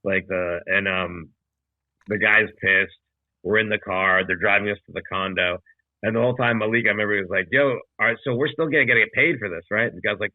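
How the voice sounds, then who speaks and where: A man's voice: fairly low pitch, fairly quick, dry recording. Man telling a story over a tinny call. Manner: profane, rambling anecdote with acted quotes. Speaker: comedian podcast co-host. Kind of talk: casual storytelling. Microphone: video call. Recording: dry tinny video call audio.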